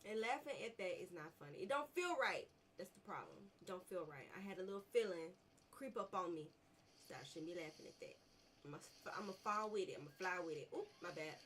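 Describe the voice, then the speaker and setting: A woman's voice: medium pitch, lively intonation, fast talker, fairly bright tone, a little hiss or hum. A woman giving casual, chatty commentary on her gameplay, talking to herself and her viewers as she plays. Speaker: gaming vlogger. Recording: voice a little distant from the mic.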